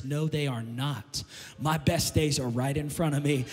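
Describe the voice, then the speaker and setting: A man preaching a sermon as pastor, impassioned and building to shouted climaxes. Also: a little high, lively intonation, moderate pace. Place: church sanctuary. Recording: long reverb of a church hall.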